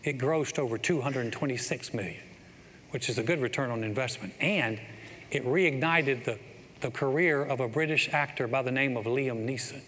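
A middle-aged man preaching a sermon as pastor, telling a story and building to excited exclamations in a church. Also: mid-range voice, moderate pace, slight background noise. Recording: long hall reverb, faint ambience.

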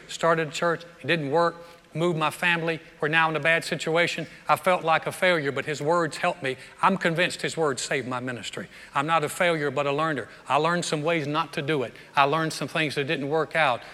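Bright-voiced pastor preaching in a reverberant hall. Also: male voice, on the high side. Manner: conversational preaching with frequent word repeats. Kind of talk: sermon. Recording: long reverb of a large hall.

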